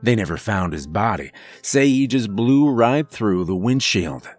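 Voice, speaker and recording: A grizzled old trucker, as a man puts him on, drawls slow, folksy warnings in a low voice. He sounds crude and weathered, a diner regular in a spoken horror story. Faint music plays under him. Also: animated, dry recording.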